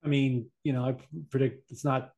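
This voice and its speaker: A man's voice: medium pitch, level tone, normal speed, a little mellow. A man hosting a casual chat in an easygoing way, laying out his predictions with confidence. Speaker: host.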